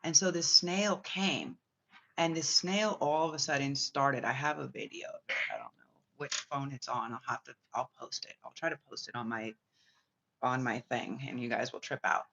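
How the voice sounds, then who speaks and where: A spiritual reader telling a long personal story in a rambling, excitable way, swearing often and full of filler words. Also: mid-range voice, normal speed, gravelly. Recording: slightly muffled lo-fi audio.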